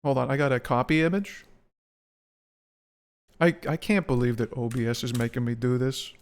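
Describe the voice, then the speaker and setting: A man's voice: medium pitch, fairly even intonation, moderate pace, clean tone. A young man chatting casually on a live stream, rambling, swearing and laughing often.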